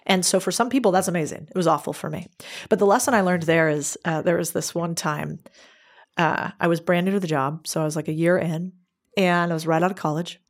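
Candid, lower-pitched woman telling stories. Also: fairly even intonation, fairly quick. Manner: candid, chatty, acts out quoted dialogue. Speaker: podcast guest. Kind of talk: casual interview storytelling.

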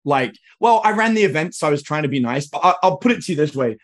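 A man's voice: fairly high pitch, animated, fast talker. A man speaking as a podcast guest, telling rambling stories with frequent restarts. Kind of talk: casual storytelling.

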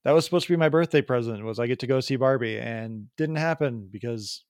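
A man's voice: mid-range voice, quick pace, darkish tone, dry recording. Man, podcast co-host, loose joking banter, dry close sound. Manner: rambling, joking. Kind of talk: casual chat.

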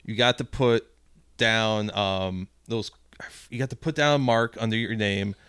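A podcast co-host with a fairly low voice speaks at a measured pace, recorded cleanly at studio quality without echo. He tells stories casually and profanely, animatedly acting out the people in them.

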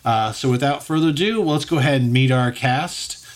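A man's voice: mid-range voice, normal speed. A man hosts a tabletop game podcast and introduces it casually. He stumbles and gets flustered as he goes. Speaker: host and game master.

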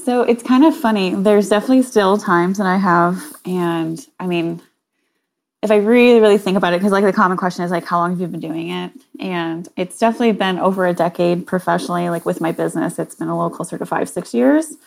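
A woman guest on a talk show, speaking casually in a middle-pitched voice. She is chatty and giggly and scatters fillers through her talk. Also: quick pace, gravelly, darkish tone. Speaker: guest photographer.

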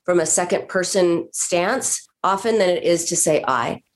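Woman therapist, podcast guest, lower register, patient explainer who acts out quotes. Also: a little slow. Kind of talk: podcast conversation.

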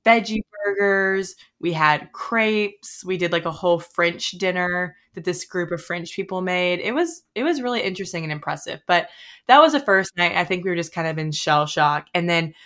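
Young woman host, somewhat low voice, easygoing chat, describes things in a relaxed way. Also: moderate pace. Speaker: podcast host. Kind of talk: casual podcast chat.

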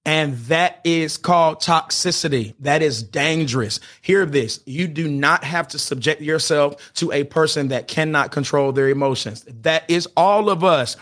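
Guy preaching relationship advice on a podcast, kinda high voice, punchy, trips over his words a lot. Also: a little slow, few pauses, a bit bright. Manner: emphatic, with repeated calls like "get this" and "hear me"; often restarts and stumbles over words. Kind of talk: preacher-like teaching talk.

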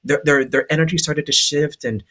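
A psychic medium from Hawaii tells a story on a podcast, his voice a little high and a little fast. He's lively and casual, laughing along as he goes.

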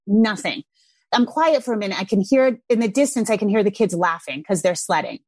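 A middle-aged woman in casual chat, telling lively stories and swearing casually. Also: medium pitch, brisk, no echo. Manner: animated storyteller, swears casually.

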